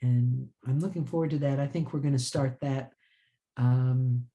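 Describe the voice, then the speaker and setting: Energetic woman telling a story in a relaxed interview. She rambles warmly from one thought to the next, breaks off to laugh, and restarts her sentences as ideas come. Her speech sounds lively and unscripted. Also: a bass voice, moderate pace, lo-fi sound. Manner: laughs often and restarts phrases. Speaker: author and writing teacher. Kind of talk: casual interview chat.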